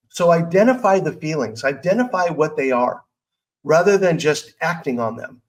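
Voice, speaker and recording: Earnest middle-aged man, a bit high. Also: animated, moderate pace, low-quality recording. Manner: earnest, candid, conversational with self-talk asides. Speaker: podcast host. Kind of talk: personal motivational talk.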